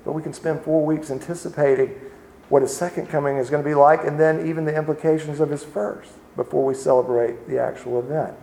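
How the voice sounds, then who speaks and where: A man preaching an Advent sermon in a relaxed, conversational way, often pausing and restarting his sentences. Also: on the high side, creaky, a little hiss or hum. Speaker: pastor.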